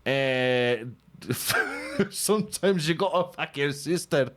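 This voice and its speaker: A man's voice: medium pitch, sing-song, a little slow, a bit bright. A man hosting a comedy podcast, joking in a profane, mocking way and laughing often. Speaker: podcast host. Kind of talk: casual comedic podcast banter.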